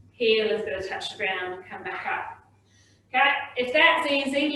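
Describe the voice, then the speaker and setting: A woman's voice: on the high side, fairly bright tone. Echoey woman coaching an exercise class. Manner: coaching, frequently checks in with "okay?". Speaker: exercise instructor. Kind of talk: online exercise class instruction. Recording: very echoey room, voice far from mic.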